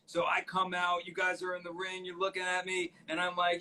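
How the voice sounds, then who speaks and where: A man telling backstage stories on a live video call, animated and playful, acting out the people in his anecdotes. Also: high voice, a little fast, hardly any pauses, rough recording. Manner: animated, acts out quotes in storytelling. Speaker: guest author. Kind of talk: anecdotal storytelling on a live stream. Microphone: phone or computer mic on a live video call.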